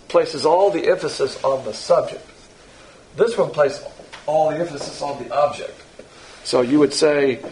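Gravelly, blunt male Bible teacher. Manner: blunt, combative, sarcastic; emphatic, with sudden loud jumps in pitch. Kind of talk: sermon-style Bible teaching.

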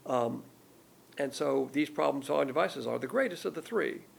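An older man preaching a sermon, teaching in a folksy, emphatic way that jumps up in pitch on key words. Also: animated, normal speed, vocal fry, a little hiss or hum. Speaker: pastor.

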